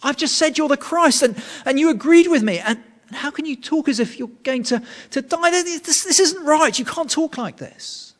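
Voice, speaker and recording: A man's voice: extremely high pitch, animated, normal speed, a bit bright, pitched above the performer's own voice. A man voicing an agitated male disciple who protests to his master in a stammering, pleading way, in a reverberant hall. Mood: protesting.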